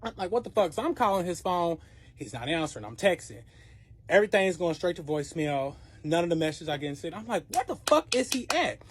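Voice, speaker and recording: A creator telling a wild personal story in a casual storytime monologue, animated and profane, acting out every quote. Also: medium pitch, quick pace, a little hiss or hum.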